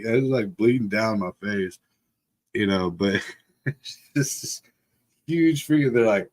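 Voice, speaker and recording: Laid-back middle-aged man telling stories. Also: on the low side. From Texas. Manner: laid-back, rambling, laughs often, lots of fillers. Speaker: livestream host. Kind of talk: casual storytelling.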